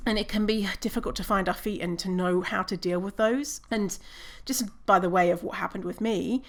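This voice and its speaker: A woman from British Columbia, Canada, hosts her own podcast, talking casually on her own at normal speed in a medium-pitched voice. She swears and laughs at herself as she goes.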